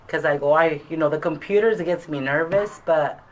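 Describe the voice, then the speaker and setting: A woman who graduated from adult school, talking in a casual interview, soft-spoken and hesitant with many fillers. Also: sits low, a little fast, low-quality recording.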